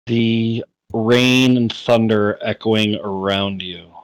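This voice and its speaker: A man acting as game master, narrating a tabletop game in slow, deliberate descriptions over a voice call. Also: fairly low pitch, steady tone, no room sound, poor audio.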